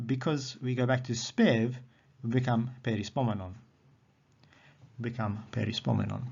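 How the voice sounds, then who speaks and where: Male teacher, mid-pitched, patient and repetitive, on a dull lo-fi recording. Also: vocal fry, a little mellow, breathy edge. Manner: patient explaining, repeats words slowly. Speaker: Greek teacher. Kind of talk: recorded grammar lesson. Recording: dull lo-fi audio.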